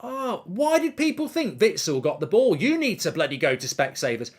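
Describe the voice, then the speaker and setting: With a high-sitting voice, he talks briskly and with few pauses while hosting a live football watchalong. He reads viewer comments out loud and rants with animated indignation about the refs' calls.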